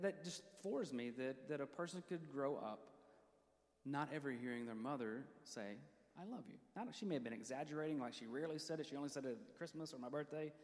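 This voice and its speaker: Preacher in a ringing church hall. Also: male voice, on the high side. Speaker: pastor. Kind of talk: sermon. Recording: long reverb of a church hall.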